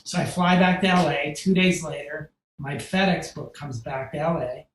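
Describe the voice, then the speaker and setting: A man, a podcast guest, telling a story in casual, animated style, acting out quotes and swearing freely. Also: a little high, moderate pace, a little hiss or hum. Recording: roomy echo.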